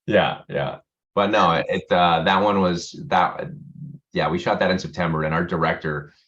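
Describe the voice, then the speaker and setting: The actor being interviewed has a very low voice with a fairly bright tone, and his delivery is flat at a moderate pace. He rambles about his work, restarting sentences mid-way and laughing easily, over dull, lo-fi video-call audio.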